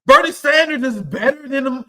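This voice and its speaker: High, bright-voiced man ranting heatedly. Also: normal speed. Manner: combative, profane, mocking. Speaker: political commentator. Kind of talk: heated political commentary.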